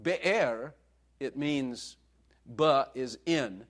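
A man preaches in a loose, joking, conversational way and laughs often. His voice sits a bit high and swoops up and down constantly. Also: big pitch swings, moderate pace. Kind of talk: sermon.

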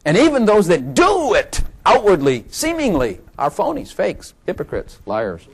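A man preaching a sermon in a conversational way, chuckling often and building to excited, emphatic bursts. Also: high voice, measured pace, slightly rough. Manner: chuckling, playful asides, rising to excited emphasis.

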